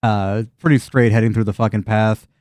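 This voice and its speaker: A man's voice: fairly low pitch, steady tone, fairly quick, a little mellow, no room sound. A man narrating a tabletop game as game master, casual and laughing, with frequent swearing.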